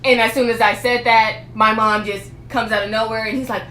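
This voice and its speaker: A woman's voice: fairly high pitch, fairly quick. A young woman hosting a couple's vlog, telling a story in casual chat and acting out what people said. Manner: animated storyteller, acts out quotes. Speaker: vlog co-host. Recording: echoey room with faint noise.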